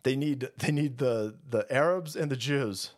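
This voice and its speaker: A man hosting a livestream, delivering a profane, rambling rant in fast bursts of casual commentary. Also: mid-range voice. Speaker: streamer host.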